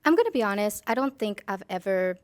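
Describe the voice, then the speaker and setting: A woman's voice: medium pitch, animated, quick pace, dry recording. A young woman of college age, a podcast guest talking earnestly and casually, full of "like" and "you know". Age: young adult. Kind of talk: casual interview.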